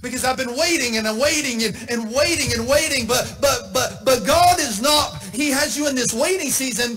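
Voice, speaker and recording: A male pastor preaching a sermon in church, impassioned and playful, shouting and half-singing at peaks. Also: extremely high pitch, normal speed, few pauses, faint music behind.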